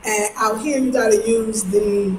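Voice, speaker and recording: A woman from New York, chatting casually in a vlog, slangy and animated, breaking into high mimicking voices. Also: a little slow. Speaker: vlogger. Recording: echoey space with faint ambient noise.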